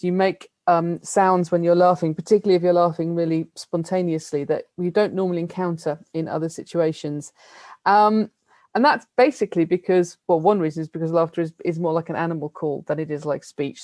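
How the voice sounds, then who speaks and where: Lively British academic woman, middle-aged, lowish voice, dry computer mic on a video call. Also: brisk, dry recording. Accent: British English. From United Kingdom. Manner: lively, chatty, self-deprecating with little laughs. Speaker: lecturer. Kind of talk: academic plenary talk over video call.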